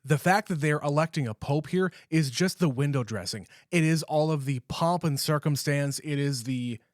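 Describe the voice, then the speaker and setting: A man's voice: on the high side, moderate pace, no room sound, studio quality. A man co-hosting a podcast, building his points in long thoughtful runs and swearing casually. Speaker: podcast co-host. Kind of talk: casual movie discussion.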